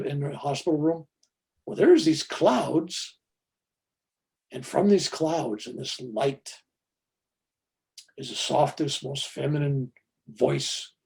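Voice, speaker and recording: Older male guest, slightly high gravelly voice, animated chatty storyteller. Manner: animated, chatty, says "you know" often. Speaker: podcast guest.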